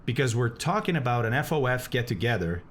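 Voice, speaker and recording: A man's voice: mid-range voice, very animated, fairly quick, slight background noise. A man streaming a flight simulator, chatting casually with viewers, reading chat aloud and laughing often.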